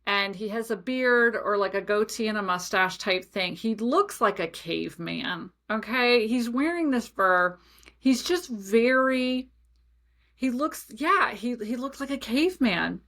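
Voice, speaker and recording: A young adult woman hosting a podcast, telling a personal story in a chatty, animated way with many asides. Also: a little high, measured pace. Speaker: podcast host. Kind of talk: casual storytelling monologue.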